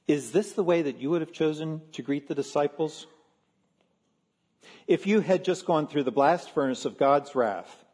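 A man, a pastor from Philadelphia, preaching a sermon in an earnest, measured way with slow emphatic stresses. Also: on the high side, darkish tone, breathy edge, in a large hall.

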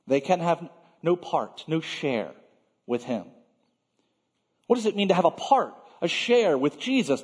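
A man with a slightly husky, fairly high voice delivers a sermon, rising and falling widely as he leans on key words. He takes his time, and his voice rings with the long reverb of a big church hall. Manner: measured preaching, stresses key words, drops to quiet phrase ends. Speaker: pastor.

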